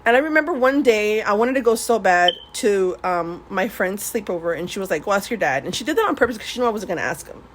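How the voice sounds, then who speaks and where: A woman's voice: medium pitch, animated, quick pace, hardly any pauses. A woman talks through her past in an easygoing, rambling way, laughing often and cursing freely. She drops Spanish words into her English. A faint hiss sits under the voice. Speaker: vlogger. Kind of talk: casual storytelling while swatching paints.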